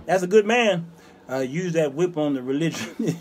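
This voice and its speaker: A man hosting his own show, preaching with fire between quiet, muttered asides as he reads viewer comments. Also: animated, moderate pace. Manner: swings from loud preaching to low muttering asides; folksy, emphatic, repeats phrases. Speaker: host and preacher. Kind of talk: fiery livestream preaching, reading viewer comments.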